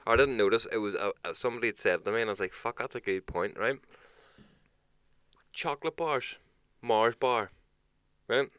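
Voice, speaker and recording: Lower-voiced Northern Irish man, blunt and sweary. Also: normal speed, fairly bright tone, clean tone, dry recording. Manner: blunt, swears constantly, incredulous rants. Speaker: podcast co-host. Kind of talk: casual chat, storytelling.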